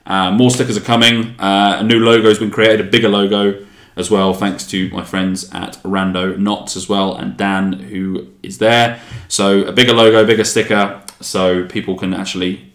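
A man hosts a relaxed podcast. He rambles in casual chat, trips over his own words and swears freely. The room around him is echoey. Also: on the low side, moderate pace, few pauses. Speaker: podcast host.

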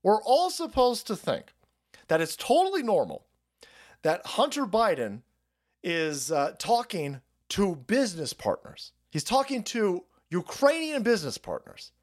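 A man's voice: wildly swooping pitch, a little slow. Sarcastic, foul-mouthed man ranting. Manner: sarcastic, swears a lot, pitch swings widely. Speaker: political stream host. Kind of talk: profane political rant.

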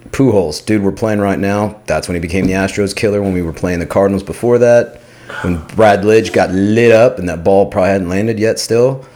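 A man's voice: lowish voice, brisk, darkish tone. A man hosting a podcast, keeping the casual chat moving with eager questions and calling his guest dude. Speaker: podcast host.

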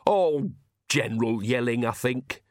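A man voicing a cheerful, bossy old witch woman in an audiobook, with a slow, drawn-out folksy delivery. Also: mid-range voice, lively intonation, no echo, clean studio sound, lightly acted. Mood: commanding.

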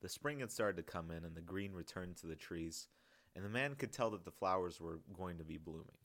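A man reading his own novel aloud in a calm, measured audiobook narration. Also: low voice.

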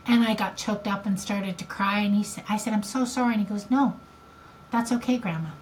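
A woman's voice: medium pitch, steady tone, quick pace, a little hiss or hum. An older woman co-hosting a podcast, telling a family story in a rambling, emotional way. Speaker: podcast co-host. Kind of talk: casual chat.

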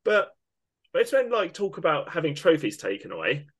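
A man's voice: a little high, wildly swooping pitch, moderate pace. A man co-hosting a football podcast, ranting with emphatic indignation. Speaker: podcast co-host. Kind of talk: opinionated football podcast rant.

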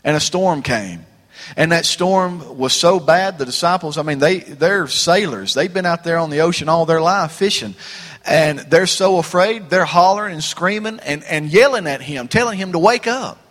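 Male preacher, conversational sermon style with dramatic slowdowns, somewhat raised pitch, in a reverberant church hall. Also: fairly bright tone. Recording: long reverb of a large hall.

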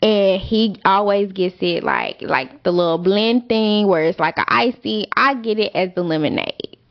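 A woman's voice: mid-range voice, a little slow, lo-fi sound. A young woman hosting a podcast, telling a story casually with lots of fillers and swearing. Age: young adult. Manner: animated, swearing, rambling with fillers. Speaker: podcast host.

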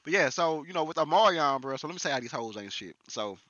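A man's voice: on the high side, fast, no echo. A young man at home telling stories in casual podcast chat, emphatic and slangy. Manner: lively, emphatic, slangy storytelling. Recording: dry, dull lo-fi sound.

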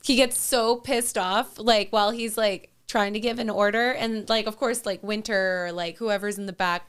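A woman co-hosting a casual podcast, animated and teasing, who laughs a lot. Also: medium pitch, moderate pace, hardly any pauses, smooth. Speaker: podcast co-host. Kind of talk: casual chat.

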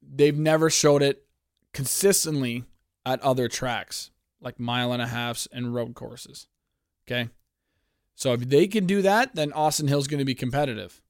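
A man's voice: medium pitch, clean tone, no room sound, studio quality. A man from Canada hosting a casual sports podcast, ranting in a profane, heated, rambling way. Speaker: podcast host.

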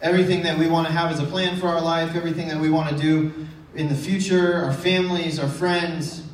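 Speaking a little fast with little movement in his rather high pitch, a male pastor delivers a casual, conversational sermon full of rhetorical questions to his congregation. The church sanctuary recording is distant and echoey, with slight hiss or hum.

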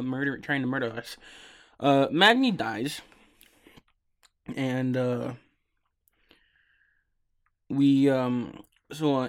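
A man's voice: mid-range voice, clear, resonant tone. A sleepy young man hosting a podcast, recapping a video game in a rambling, casual way with lots of ums and swearing. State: sleepy, yawning. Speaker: podcast host.

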